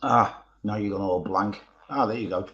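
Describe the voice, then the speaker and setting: A man's voice: lowish voice, normal speed, fairly bright tone, roomy sound, highs cut off. A man with a Scouse accent chatting casually while painting miniatures, rambling into stories and swearing freely. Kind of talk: casual chat.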